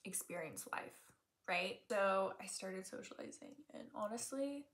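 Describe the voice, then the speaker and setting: Filmed on a tablet at home, a beauty vlogger in her twenties rambles through a chatty get-ready-with-me session while doing her makeup, tossing out jokey asides at her own expense. Her medium-pitched voice is lively in intonation, a bit bright, and a little slow.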